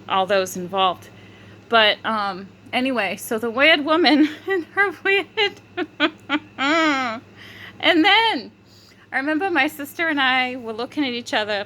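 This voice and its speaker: A woman's voice: mid-range voice, bright, forceful tone, a little hiss or hum, poor audio. A woman vlogger telling a rambling story, full of fillers, restarts and frequent giggling. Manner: filler-heavy, restarts often. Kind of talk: casual rambling monologue.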